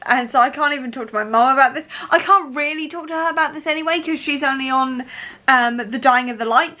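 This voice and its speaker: Excitable high-voiced woman vlogger. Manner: excitable, rambling, many fillers. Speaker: book vlogger. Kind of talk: casual reading vlog. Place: at home. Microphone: camera mic.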